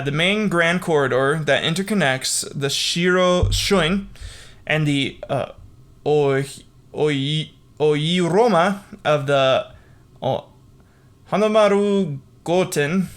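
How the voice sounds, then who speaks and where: A man's voice: a little high, fairly bright tone. A man hosting a casual history podcast, reading the account with filler words and breaking off into profane, laughing asides. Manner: irreverent, profane, laughs at own jokes. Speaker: podcast host.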